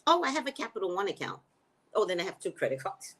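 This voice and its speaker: Woman, livestream host, casual chat, lively pitch, talks back to commenters. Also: quick pace, husky. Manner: animated, chatty, talks back to viewer comments. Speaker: livestream host and psychic reader.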